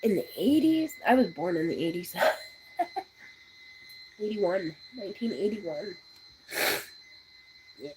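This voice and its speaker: A woman's voice: medium pitch, lively intonation, takes it slowly, pauses often, noisy background. A woman in her forties from the United States, chatting casually on a live stream, rambling through stories and answering viewers' comments. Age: 40s.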